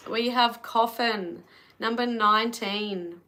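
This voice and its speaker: Australian woman, tarot reader on a live stream, chatty and relaxed, bright tone. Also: a little high, slow. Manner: chatty, talks to live viewers between readings.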